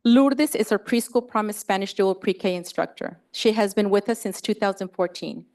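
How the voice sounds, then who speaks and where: A woman's voice: mid-range voice, moderate pace, a little mellow. A woman who directs a preschool, presenting staff awards at a school board meeting and growing emotional as she speaks. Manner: heartfelt, gets emotional and laughs between tributes.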